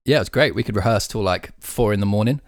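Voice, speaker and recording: A man's voice: lowish voice, fast, no room sound, clean studio sound. A man in his twenties co-hosting a casual podcast chat, talking freely with lots of "like". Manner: chatty, uses "like" a lot. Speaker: podcast co-host, band drummer.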